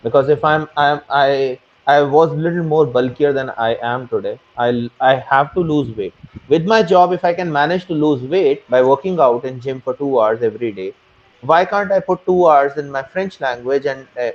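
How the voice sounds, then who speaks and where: A man's voice: medium pitch, moderate pace. Muffled Punjabi-accented man, earnest. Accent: Punjabi-influenced Indian English. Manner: earnest, explains with repeated phrases. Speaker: interview guest, French learner. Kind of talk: casual interview. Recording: muffled lo-fi sound.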